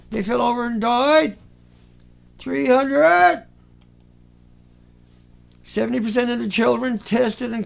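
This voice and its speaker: A man hosting an online show, talking in a sarcastic, mocking commentary style with animated asides. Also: very high voice, gravelly.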